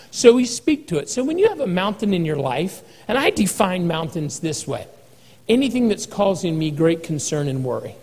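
High-voiced man preaching in a reverberant hall. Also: husky. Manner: folksy, humorous preaching with acted-out quotes. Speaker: pastor. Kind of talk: sermon.

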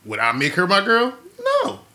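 A man's voice: high voice, sing-song, noisy background. A man in his forties co-hosting a casual podcast chat, joking and drawing out his words. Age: 40s. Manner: joking, drawn-out delivery. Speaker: podcast co-host.

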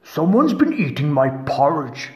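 A man's voice: fairly high pitch, big pitch swings, a little slow. A man voicing a big father bear who talks in a growling way. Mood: gruff.

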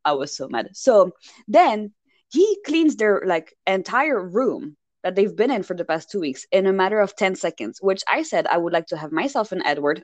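A woman retelling a movie plot in a casual chat, swinging her voice up and down as she mocks the characters. She sounds exasperated and lively. The recording is close and dry. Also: lowish voice, no echo. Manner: animated, exasperated storytelling with mocking voices. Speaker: podcast co-host recapping a film.

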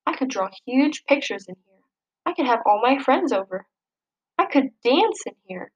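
A woman's voice: sits high, sing-song, moderate pace, slightly rough, lo-fi sound, full character voice. A woman reading aloud, voicing a young schoolgirl who talks in an earnest, stubborn way.

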